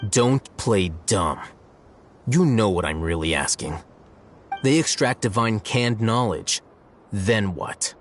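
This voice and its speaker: A cool-headed young interrogator. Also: male voice, fairly low pitch, takes it slowly, slight background noise. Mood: pressing. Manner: calm, pressing questions.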